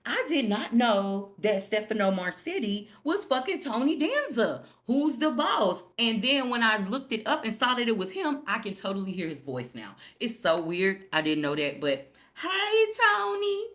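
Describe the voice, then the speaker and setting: A woman's voice: medium pitch, lively intonation, normal speed, hardly any pauses, a bit bright. A woman giving a casual episode recap to her viewers in a slangy, profane way that speaks straight to them.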